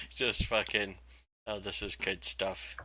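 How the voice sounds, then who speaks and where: A man with a bright, forceful voice and a lowish pitch talks through a comic in loose, rambling chat. He laughs often and swears freely. The sound is dry and close. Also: steady tone, slow pace, slightly rough, dry recording. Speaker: comics review host. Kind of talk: casual profane chat.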